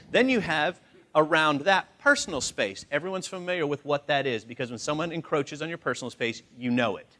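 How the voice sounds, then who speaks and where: A man in his forties leading a live communication training seminar, acting out quoted voices as he talks. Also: mid-range voice. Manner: animated, acts out quoted voices. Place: large training room.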